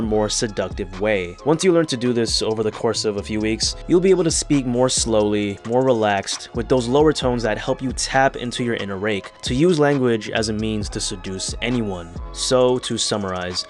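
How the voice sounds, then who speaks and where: A young man hosting an animated podcast, narrating in a calm, explanatory scripted voice-over. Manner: calm explanatory voice-over, demonstrates a low grounded voice. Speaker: podcast host. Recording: faint music behind the voice.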